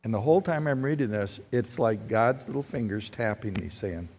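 A man's voice: lowish voice, normal speed. Preaching man in a reverberant hall. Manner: swings from loud exhortation to quiet storytelling. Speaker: pastor. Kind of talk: sermon. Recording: long reverb with faint music.

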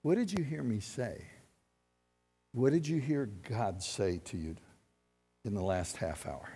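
A man's voice: mid-range voice, lively intonation, unhurried, breathy edge. Preaching man in a reverberant hall. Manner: swings from loud exhortation to quiet storytelling. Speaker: pastor. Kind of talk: sermon. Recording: long reverb with faint music.

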